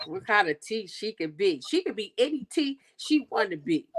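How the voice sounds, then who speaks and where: Chatty woman co-host, folksy storyteller, middle-pitched voice. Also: big pitch swings, normal speed. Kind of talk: casual chat.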